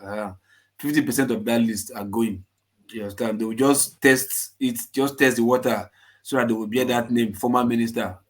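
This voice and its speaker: A man calling in to an online talk show, speaking in a matter-of-fact, low-key way. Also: steady tone, normal speed. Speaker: caller. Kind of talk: casual call-in commentary.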